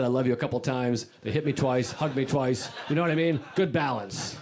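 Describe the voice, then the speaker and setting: A man's voice: a little high, noisy background. A male stand-up comedian doing a laid-back, rambling routine full of "like"s.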